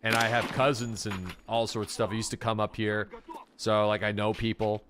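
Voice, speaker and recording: A man from Atlantic Canada streams a game and chats casually, swearing freely and laughing quickly in an animated way. His voice sits on the lower side, and there's noise in the background.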